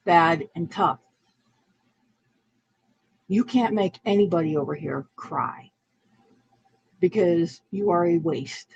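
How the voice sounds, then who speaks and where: A woman speaks slowly with a husky voice. She taunts in a contemptuous tone and keeps repeating her challenges. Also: fairly low pitch, muffled recording. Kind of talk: heated online argument.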